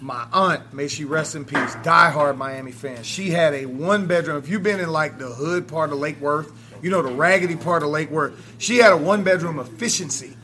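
A man in his forties from South Florida, a radio host telling stories in animated, profane sports talk that swings up to shouting. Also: fairly high pitch, normal speed, hardly any pauses. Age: 40s.

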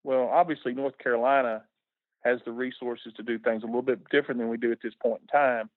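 A man's voice: mid-range voice, steady tone, quick pace, no echo. A middle-aged man, a former coach talking casually in a radio interview, folksy and repeating words when moved. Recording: tinny phone line on radio.

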